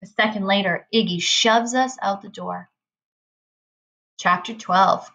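A woman's voice: mid-range voice, fairly even intonation, measured pace, gravelly, pauses often, a bit bright, lo-fi sound, a little hiss or hum. A woman reading a novel aloud in a casual, conversational first-person narration. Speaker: reader.

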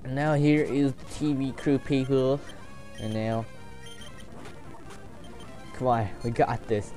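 A young man talks through his game in loose, excitable commentary, swearing freely and cracking jokes to himself. His voice sits at an ordinary middle pitch. Faint game music plays under him. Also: takes it slowly, pauses often. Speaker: gameplay commentator. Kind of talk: casual gameplay commentary.

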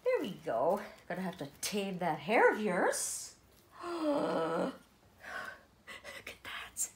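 Woman, Irish accent, middle-aged, unhurried, gasps and exclaims over dolls, casual vlog chat. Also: medium pitch, huge pitch swings. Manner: gushing, gasping, exclaiming "oh my goodness". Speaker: doll collector vlogger.

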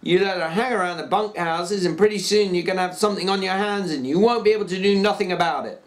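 A man acts out a rough, blunt ranch hand in a story reading. He sneers and threatens in a plain, hard voice. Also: high voice, fast, voice pushed up, close to an everyday voice. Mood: scornful. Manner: taunting, scornful.

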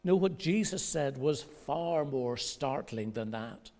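A male pastor preaching a sermon in a measured way, pausing for effect and rising in pitch when he quotes others. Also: expressive. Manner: measured preaching with dramatic pauses; rises in pitch and loudness when quoting voices. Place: church.

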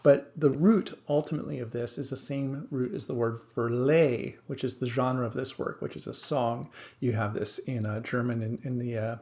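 A man's voice: medium pitch, fairly even intonation, normal speed, few pauses, a little mellow. A man giving a recorded literature lecture, explaining steadily with some hesitations. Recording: dull lo-fi recording.

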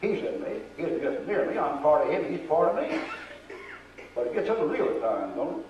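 This older man's sermon in church is full of folksy stories, and he performs the voices of the characters in them. He speaks at a moderate pace with a fairly high pitch that swings widely. Captured by a far camera, the audio has a roomy echo and music in the background.

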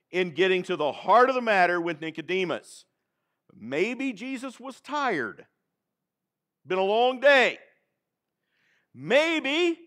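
Texan preacher guy, big swoops in his voice, dramatic, gets the church to say it with him. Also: high-pitched. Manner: dramatic, animated preaching with call-and-response. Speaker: pastor. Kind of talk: sermon. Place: church sanctuary.

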